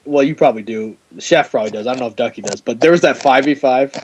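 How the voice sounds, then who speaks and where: Man, podcast host, mid-pitched voice, animated storytelling, laughs a lot, faint background hiss. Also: quick pace, low-quality recording. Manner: animated storyteller, acts out quotes, laughs often. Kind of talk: casual chat.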